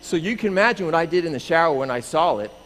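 A fast-talking middle-aged pastor with a slightly high voice tells children a playful story in a church sanctuary. He plays it up, acting out screams along the way. The recording has hall echo and faint room noise.

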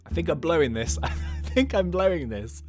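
A man's voice: a little high, expressive, normal speed, a little mellow, faint music behind. A man doing chatty, self-mocking gameplay commentary as a YouTuber.

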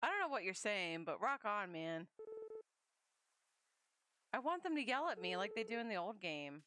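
Brief: young woman streamer, lively pitch, casual and swearing. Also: normal speed. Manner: chatty, swearing, laughs, reads game lines aloud. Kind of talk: casual gameplay chat.

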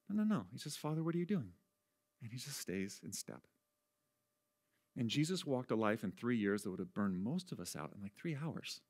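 With a medium-pitched, sing-song voice and a normal pace, a pastor preaches in a conversational manner. He pokes fun at himself, laughing often, and alternates between hushed quiet lines and loud, raised ones.

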